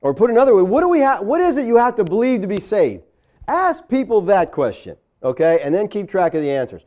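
Animated high-voiced male preacher. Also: fairly quick, highs cut off. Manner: conversational preaching with frequent "all right?" and "okay?" checks; acts out quoted voices with big pitch swings. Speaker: pastor. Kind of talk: sermon.

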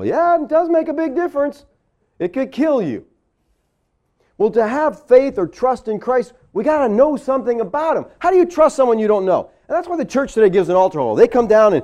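Animated high-voiced male preacher. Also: brisk. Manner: conversational preaching with frequent "all right?" and "okay?" checks; acts out quoted voices with big pitch swings. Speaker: pastor. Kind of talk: sermon.

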